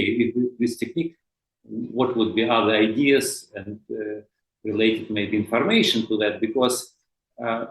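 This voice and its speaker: A man with a heavy Russian accent speaks as a podcast guest, explaining at length in halting phrases filled with fillers and restarts. His voice sits at an ordinary pitch, and the room around him rings with noticeable echo. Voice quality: hesitant, many fillers and restarts. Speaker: guest expert. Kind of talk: podcast interview.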